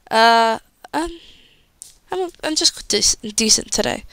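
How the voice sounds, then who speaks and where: A bubbly young woman chats on her live stream, gushing and squealing as she reacts. Her voice sits a little high and comes through smooth and clean. The sound is dry and close, with no room around it. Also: lively intonation, unhurried, sharp tone, no echo. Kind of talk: casual live-stream chat.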